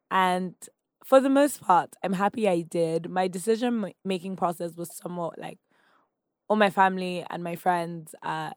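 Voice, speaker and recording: Chatty Nigerian woman, low and dry. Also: no room sound. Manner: chatty, lots of "like" fillers, laughs often. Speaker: podcast guest. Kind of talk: casual interview chat.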